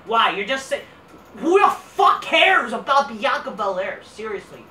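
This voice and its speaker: A woman host gives a profane, exasperated wrestling review with a bright, sharp edge. She sits back from the mic, and the room adds a roomy echo and faint hiss. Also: fairly high pitch, distant mic.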